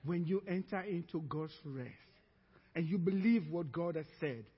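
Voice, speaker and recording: A male pastor delivering a sermon, telling a story with lively acted-out voices. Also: fairly high pitch, moderate pace, breathy edge, long reverb tail, lo-fi sound. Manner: animated storytelling, acting out voices.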